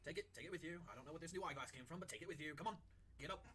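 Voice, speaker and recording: A man voicing a grumpy, lazy male ship's chef who nags loudly in a tabletop game. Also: fairly high pitch, rapid-fire, a little hiss or hum. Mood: nagging. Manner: loud nagging shouts.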